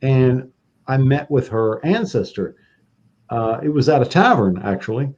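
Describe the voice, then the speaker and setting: A man's voice: mid-range voice, lively intonation, a little slow, darkish tone, highs cut off. A man hosting a podcast, telling a story in a laid-back casual chat. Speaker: podcast host.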